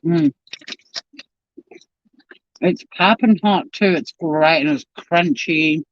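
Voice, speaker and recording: A man with a voice pitched a little high chats away on his live-stream, rambling from one thing to the next between bites and talking with his mouth full. The sound is dry and close, with a slightly muffled, lo-fi camera-mic quality. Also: slow, no echo. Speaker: YouTube channel host. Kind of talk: casual live-stream chat while eating. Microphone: home live-stream camera mic.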